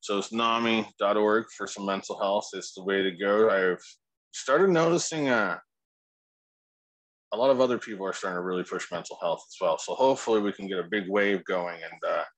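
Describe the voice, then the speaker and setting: A man's voice: lowish voice, normal speed, a bit bright, no room sound, low-quality recording. A man co-hosting a casual podcast, laid-back and rambling, swearing freely. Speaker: podcast co-host.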